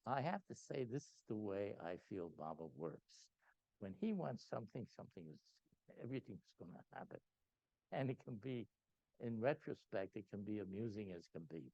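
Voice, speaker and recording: An older man telling a lively anecdote at a gathering, acting out voices and laughing often. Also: gravelly, dry recording. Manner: animated anecdote teller, acts out quotes, laughs often. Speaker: speaker at a spiritual gathering. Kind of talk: storytelling talk. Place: meeting hall. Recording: dull low-fidelity sound, dry.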